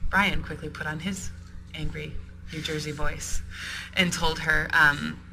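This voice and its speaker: Gravelly man telling a story, noisy recording. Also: on the high side, steady tone, unhurried. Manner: storytelling with frequent ums and restarts. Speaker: sex toy store owner. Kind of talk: interview storytelling.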